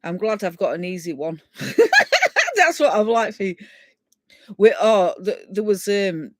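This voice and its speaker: A middle-aged woman from England with a Yorkshire accent hosts a live stream, taking it slowly in a sing-song, medium-pitched voice with no echo. She rambles and chats with viewers, laughing as she reads their comments.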